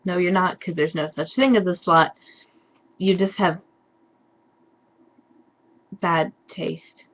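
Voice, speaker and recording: A woman's voice: fairly low pitch, steady tone, takes it slowly, lo-fi sound. Sarcastic young woman reading fan fiction. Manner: sarcastic asides, mock-despairing. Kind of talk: comedic dramatic reading.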